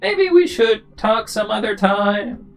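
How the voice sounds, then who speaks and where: A streamer voicing a teasing old woman in her eighties, in a slow sing-song manner, reading game dialogue aloud. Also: mid-range voice, very animated, faint music behind, pitched above the performer's own voice. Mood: wistful.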